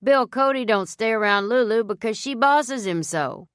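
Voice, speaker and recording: A woman's voice: fairly high pitch, expressive, moderate pace, clear, resonant tone, no echo, clean studio sound, pitched above the performer's own voice, close to an everyday voice. A woman voicing a tall, lanky, amused frontier scout with a wry, drawling way of talking.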